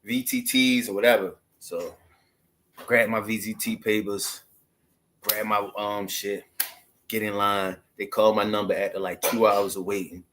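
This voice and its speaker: A man's voice: lowish voice, fairly even intonation, a little slow, fairly bright tone, a little hiss or hum. A man in his thirties from Maryland, telling a casual story to the camera in loose, slangy street talk full of asides. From Maryland, USA. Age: 30s. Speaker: vlogger.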